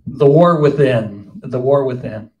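A man's voice: mid-range voice, measured pace, a little mellow, rough recording. A man from the cast telling amused anecdotes at a live Q&A. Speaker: cast member. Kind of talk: live audience Q&A.

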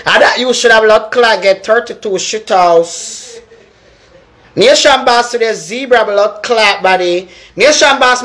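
A young woman with a strong Jamaican accent rants on camera, hammering the same points and calling someone out by name. Her voice sits on the higher side, and she talks in a heated, repetitive, confrontational way. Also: fairly bright tone. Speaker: social media personality. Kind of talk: ranting live video.

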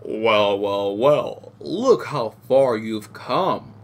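A man's voice: fairly low pitch, lively intonation, very slow, heavily acted. A man reading out a gloating male Devil villain in a taunting, theatrical voice over game audio.

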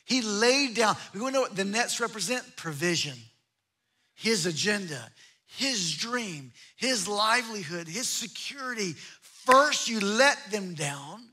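Man, pastor, sermon, emphatic, repeats himself, very high pitch. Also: bright, forceful tone. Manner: emphatic, with repeated phrases and restarts.

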